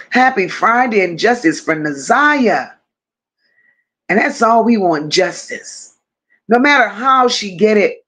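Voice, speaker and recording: A woman hosting a casual livestream, greeting her chat one by one with drawling, affectionate shout-outs. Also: medium pitch. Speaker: livestream host.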